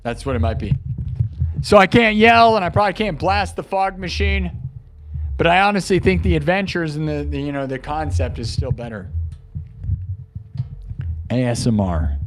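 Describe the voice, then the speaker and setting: A man hosting a live stream, rambling excitedly to his chat. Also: a little high, normal speed, slight background noise.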